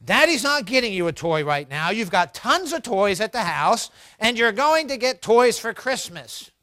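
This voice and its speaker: A man voicing a young father who calmly coaxes, then firmly insists. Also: sits high, moderate pace, dry recording, studio quality, full character voice. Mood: coaxing. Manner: calm, coaxing, firm. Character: patient young father in a store.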